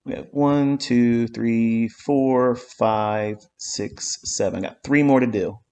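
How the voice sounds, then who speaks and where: A man of average pitch mentoring viewers over a livestream. He talks bluntly and profanely and hammers points home by repeating them. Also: fairly even intonation, slow pace, warm tone, smooth. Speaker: trading mentor. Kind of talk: live-streamed trading lesson.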